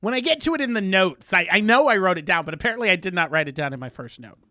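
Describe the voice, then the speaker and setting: A man's voice: high voice, expressive, very fast, bright, forceful tone, dry recording, studio quality. A man co-hosting a casual chat podcast, recapping a show in a chatty, playful way. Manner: chatty, recaps plots with playful quoted voices. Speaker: podcast co-host.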